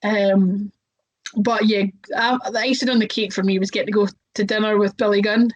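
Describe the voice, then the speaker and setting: A woman's voice: medium pitch, steady tone, normal speed, low-quality recording. A young woman, a wrestler, telling stories casually in an interview, chatty, with lots of fillers and voices acted out.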